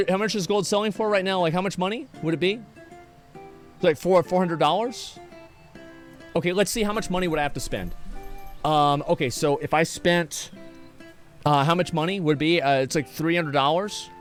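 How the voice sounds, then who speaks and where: A man's voice: sits high, normal speed, fairly bright tone, soft background music. A man streaming live, chatting casually and reading chat messages in a sarcastic, profane, rambling way.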